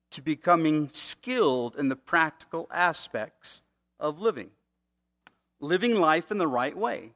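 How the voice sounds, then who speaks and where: A man's voice: a little high, a bit bright. A man preaching a conversational sermon, asking the congregation rhetorical questions. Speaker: pastor.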